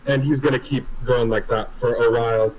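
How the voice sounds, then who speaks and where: A man playing a tabletop game, explaining his character's actions in halting, apologetic speech. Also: mid-range voice, fairly even intonation, reverberant, heavy background noise. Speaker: player. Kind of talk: casual tabletop play.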